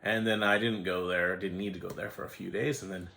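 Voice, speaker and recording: A man's voice: low-pitched, steady tone, fairly quick, creaky, pushed and bright, slight background noise. An American man in his forties telling a rambling, self-interrupting story in a casual vlog, acting out the voices of people he quotes. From United States. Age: 40s. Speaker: vlogger.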